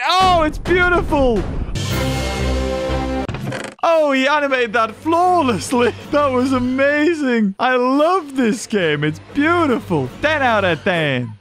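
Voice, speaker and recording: An excitable man giving let's-play commentary, full of sarcastic asides and sudden exclamations. His voice is high for a man, and his pitch swings widely. Game music plays faintly behind him. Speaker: gaming YouTuber.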